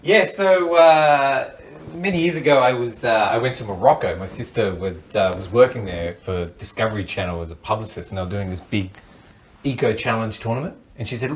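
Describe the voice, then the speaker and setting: Australian comedian, animated storyteller, mid-pitched, voice a little distant from the mic. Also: male voice, brisk, echoey room, a little hiss or hum. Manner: animated, rambling, acts out other people's lines. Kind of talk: comic storytelling. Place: studio panel.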